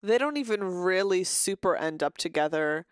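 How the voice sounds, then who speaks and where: A woman's voice: lowish voice, animated, moderate pace, clear, resonant tone, no room sound. Rambling, foul-mouthed woman streamer, dry mic. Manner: rambling, swears freely, greets chat mid-story. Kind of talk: casual live-stream chat while gaming.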